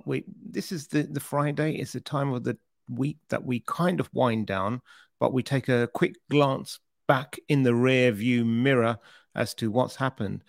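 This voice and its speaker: A man's voice: mid-range voice, creaky, no room sound. A British man co-hosting a security podcast, teasing his co-host in a dry, mock-pompous way. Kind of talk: casual chat.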